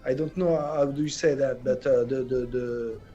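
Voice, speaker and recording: A man with a French accent, a guest actor in an interview, answering in halting English and often pausing to search for words. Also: mid-range voice, steady tone, mellow, muffled recording, faint music behind. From France.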